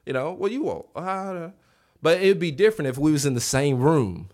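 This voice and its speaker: A man preaching a revival sermon in a church, animated, acting out quoted voices and calling on the congregation to answer back. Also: on the high side, brisk. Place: church sanctuary.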